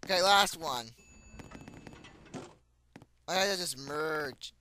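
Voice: medium pitch, takes it slowly, sharp tone, slight background noise. A playful gamer giving casual commentary and chatting goofily with characters in the game. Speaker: gameplay commentator.

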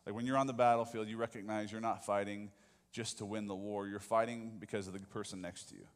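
A man's voice: lowish voice, steady tone, fast. A man preaching a sermon as pastor, talking conversationally and often asking the congregation questions. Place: church sanctuary. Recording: long hall reverb.

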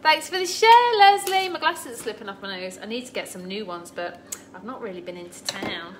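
A middle-aged cooking livestream host chats from her home kitchen in a medium-pitched voice with lively intonation, speaking fairly quickly. She greets viewers by name and makes self-deprecating jokes on this casual stream. A children's game can be heard faintly in the background.

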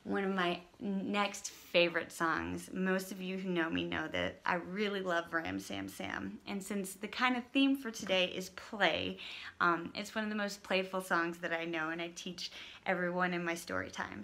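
A woman's voice: on the low side, creaky, slight background noise. A woman leading a toddler story time, reading an interactive book aloud and singing simple songs while coaxing the children to join in. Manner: bright, slow and animated, singing and coaxing small children. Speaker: children's librarian.

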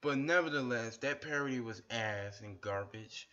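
A man's voice: mid-range voice, normal speed, bright, forceful tone. A man ranting angrily at another YouTuber, insulting him over and over with a lot of swearing. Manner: profane, insulting, repetitive; shirtless on camera. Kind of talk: angry rant video. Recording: dull lo-fi webcam audio.

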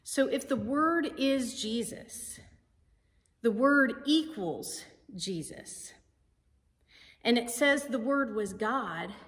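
A woman pastor preaching a sermon in a slow, deliberate, emphatic way. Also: lowish voice. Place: church sanctuary. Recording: sanctuary with long reverb.

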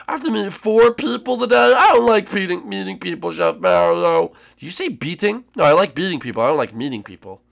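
Man doing a shrill bratty turtle prince. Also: brisk, creaky, few pauses, full character voice. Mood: whiny. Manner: shouty, excitable, whiny. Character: bratty young male turtle prince, loud and cocky. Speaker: host.

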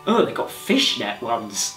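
A man's voice: mid-range voice, huge pitch swings, measured pace, pushed and bright, soft background music. A young man vlogging in a camp, sarcastic, jokey way. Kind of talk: casual comedic vlog.

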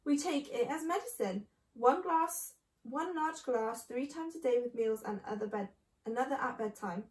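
Woman doing a jolly badger, hearty, high-pitched, storybook reading, echoey room. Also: moderate pace, darkish tone, distant mic, lightly acted.

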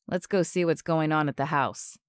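A woman voicing a confident, tender young man in love, speaking low and softly. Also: fairly even intonation, moderate pace, clear, resonant tone, no echo, studio quality, close to an everyday voice.

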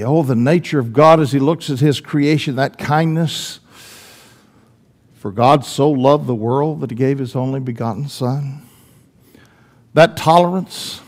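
A man preaching a sermon in church, swinging between loud emphatic lines and hushed, drawn-out ones. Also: medium pitch.

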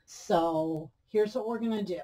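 Hosting a craft tutorial, a Michigan woman talks at a measured pace in a medium-pitched voice, with background noise behind her. She's chatty, treats her viewers as friends, repeatedly addresses them as guys and friends, and raves about what she's made.

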